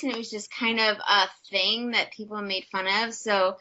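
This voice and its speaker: An American actress, young and appearing as a guest, chats casually and upbeat on a video call, full of fillers. Her mid-range voice is bright and forceful with a steady tone and moderate pace, and the video-call audio sounds slightly muffled.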